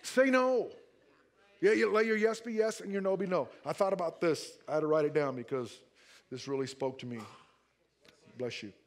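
A man's voice: on the high side, moderate pace. A pastor preaching a sermon to his congregation in church, joking and laughing as he goes and acting out quoted speech in other voices. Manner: joking and playful, often laughing.

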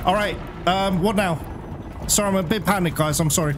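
A young man commenting on his gameplay, excitable and panicky, swearing often. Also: sits high, brisk, heavy background noise. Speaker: gaming channel host. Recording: game music loud behind the voice.

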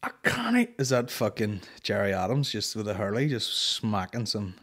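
A Northern Irish man hosts a comedy podcast in a loose, sweary ranting style. His voice is bright and forceful, and he keeps breaking into mocking impressions. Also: on the low side, huge pitch swings, moderate pace. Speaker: podcast host. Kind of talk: casual comedy podcast rant.

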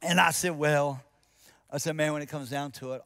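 Storytelling pastor. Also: male voice, a little high, fairly even intonation, brisk, fairly bright tone. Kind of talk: sermon.

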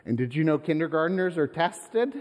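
A pastor preaching a sermon in a lively, conversational way, posing rhetorical questions to his congregation. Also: fairly high pitch, moderate pace, big-room sound. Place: church sanctuary.

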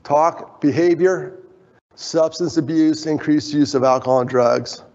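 A man's voice: a little high, a little slow, a little mellow. A man giving a storytelling conference talk, animatedly acting out the voices of the people he quotes. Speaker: conference speaker. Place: conference hall. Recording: echoey hall, dull sound.

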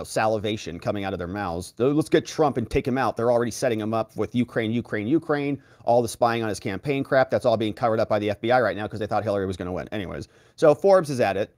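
A man's voice: on the low side, fast talker, no room sound, studio quality. A man hosting legal commentary, retelling court testimony in a casual, sarcastic way and acting out the quotes. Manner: animated, sarcastic, acts out quotes in voices.

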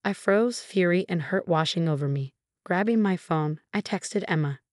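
Even, steady woman narrator for a first-person story; low-pitched, dry. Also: moderate pace, dry recording.

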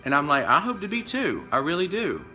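A man telling a story to his camera in a casual rant, rambling and acting out both sides of a conversation, his pitch jumping up when he gets upset. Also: huge pitch swings, brisk, pushed and bright, soft background music. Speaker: vlogger telling of being fired.

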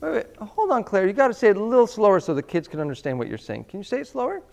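High, lively man leading a kids' sing-along. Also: very fast, gravelly, soft background music. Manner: lively and coaxing, prompting kids to repeat after him. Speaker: children's music show host. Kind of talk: call-and-response music lesson for kids. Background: instruments playing.

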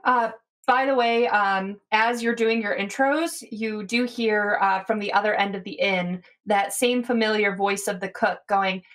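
A woman's voice: mid-range voice, a little slow, a bit bright. A woman narrating as game master in a tabletop game, talking loosely with plenty of fillers.

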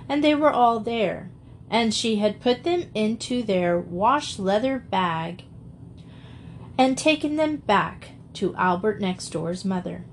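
A woman's voice: fairly high pitch, expressive, slow, slight background noise. A woman reading a classic children's novel aloud as an audiobook narrator, giving the characters light voices. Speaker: audiobook reader.

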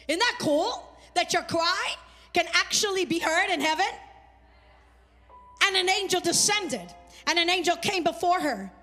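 Fervent high-voiced woman preacher. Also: sharp tone. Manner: fervent, repetitive call-and-response preaching. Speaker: pastor. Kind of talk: sermon.

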